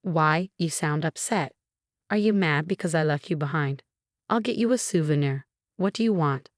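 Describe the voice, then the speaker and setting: A curt, dismissive husband voiced by a woman reading the story in a low register. The delivery is impatient and clipped, recorded dry and close with no room sound. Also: moderate pace, no echo, lightly acted. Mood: breezy. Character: callous, dismissive adult husband.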